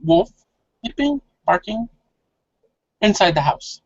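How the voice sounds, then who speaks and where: A game master steadily describes the scene and asks for dice rolls in a tabletop role-play game. The voice sits at an ordinary pitch. The audio is dry and dull, with a lo-fi sound. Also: very animated, slow, darkish tone, slightly rough, dry recording.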